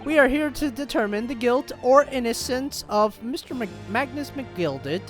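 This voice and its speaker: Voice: mid-range voice, expressive, moderate pace, faint music behind, voice pushed up, close to an everyday voice. A gamer voicing a stately older male judge opening a trial in a formal, ceremonial way.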